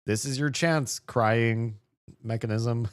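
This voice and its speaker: A man hosting a let's play, reading the game's text aloud and commenting on it in a playful way, with frequent laughs and soft mumbled asides. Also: mid-range voice, slow pace, clean tone.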